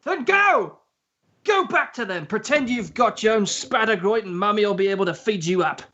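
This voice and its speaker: Brief: man voicing a defensive teen boy wizard, slightly high voice, clipped and stubborn. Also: normal speed, fairly bright tone, highs cut off. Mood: shouting. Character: tense stubborn teenage boy wizard hero. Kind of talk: podcast read-through of a scene.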